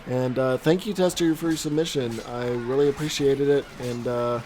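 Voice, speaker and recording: A man coaching a player over gameplay footage in casual commentary, animated with quick reactions and a voice strained from talking. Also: mid-range voice. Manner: animated, quick reactions, self-deprecating asides. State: voice strained from long recording.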